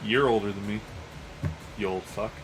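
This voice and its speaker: Speaking in a lowish voice with fairly even intonation and a moderate pace, a thirtysomething man hosts a sports card auction livestream. The chat is casual and profane, and he laughs hard at his own stories over background noise.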